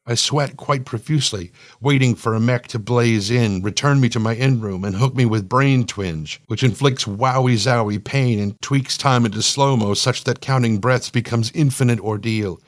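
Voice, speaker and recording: A man's voice: mid-range voice, normal speed, hardly any pauses. A man reading a first-person science-fiction story for an audio fiction show, playful and slangy, perking up on the exclamations. His voice sits mid-range. The sound is dry and close-miked, with no room echo. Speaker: story narrator.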